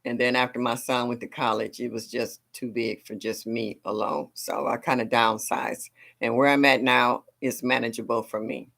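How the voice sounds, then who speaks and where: Chatty animated middle-aged woman host. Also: rumbling low, moderate pace, gravelly. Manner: chatty, animated, laughs often, talks back to viewers. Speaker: gardening livestream host. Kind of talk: casual livestream chat.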